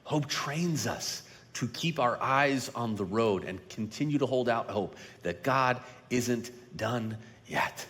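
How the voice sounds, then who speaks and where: A male pastor preaching a sermon, slowing down and dropping to a hush for emphasis, then building up louder on key points. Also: mid-range voice, lively intonation. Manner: dynamic delivery, slowing and dropping quiet for emphasis. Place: large church sanctuary. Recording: long reverb of a large hall.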